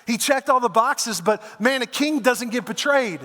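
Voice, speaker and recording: High-voiced male pastor in echoing hall. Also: lively intonation, normal speed, sharp tone. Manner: conversational storytelling, casual asides like "man" and "dude". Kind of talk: sermon. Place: church auditorium.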